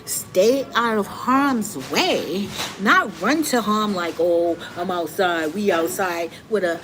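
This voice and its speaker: A middle-aged woman hosting a live stream, giving candid, animated commentary straight to her viewers. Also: fairly low pitch, rough recording. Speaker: livestream host. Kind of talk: casual commentary monologue. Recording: noticeable background noise.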